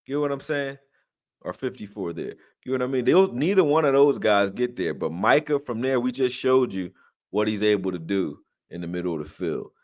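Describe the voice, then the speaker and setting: A man's voice: on the low side, lively intonation, a little fast. A man hosting a live sports channel, talking casually through game film with slang, fillers and restarts, and he is tired. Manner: loose and chatty, slangy, many fillers and restarts. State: tired, yawning.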